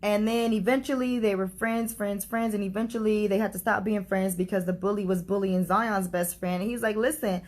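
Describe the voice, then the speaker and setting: A grieving mother vlogs a heartfelt personal story, her medium-pitched voice brisk, fairly even, and a little mellow, with few pauses. She's chatty and earnest, leaning on fillers like "like" and "you know."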